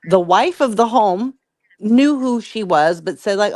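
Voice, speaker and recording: A woman's voice: medium pitch, expressive, measured pace, a little mellow, no room sound, studio quality. A woman co-hosting a commentary podcast, retelling an online drama in a chatty, profane way with lots of "like.". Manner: chatty, profane, heavy use of "like". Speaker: podcast co-host. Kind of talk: casual commentary storytelling.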